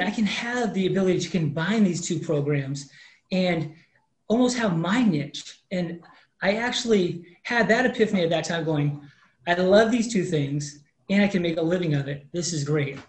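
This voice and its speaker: A man's voice: high-pitched, normal speed. A man in his fifties shares a personal story as a guest in an interview. He tells it with energy and acts out the people he quotes. His voice carries a roomy echo. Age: 50s. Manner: animated storyteller acting out quoted dialogue. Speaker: mortgage professional guest.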